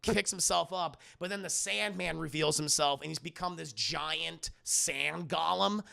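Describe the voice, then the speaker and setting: A man's voice: on the high side, a little slow, creaky, pushed and bright. A man streaming live, recapping a film scene by scene in casual, profane chat and mocking the dialogue in silly voices.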